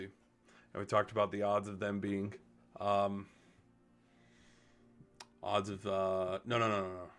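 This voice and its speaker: Man hosting a sports live stream, somewhat low voice, loose and rambling delivery with casual swearing. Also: fairly bright tone.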